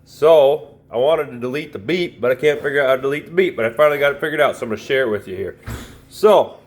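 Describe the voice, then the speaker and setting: A man walks through a home repair in a loose, folksy way, chatty and quick to poke fun at himself. His voice sits at an ordinary middle pitch. It sounds like he is filming on a phone as he works. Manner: folksy, self-deprecating, chatty. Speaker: DIY video host. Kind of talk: casual how-to tutorial.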